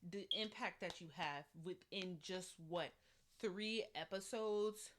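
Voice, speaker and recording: A young woman giving an animated, slangy recap of a reality show, acting out the quotes as she goes. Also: medium pitch, slow, slight background noise. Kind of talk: casual recap vlog.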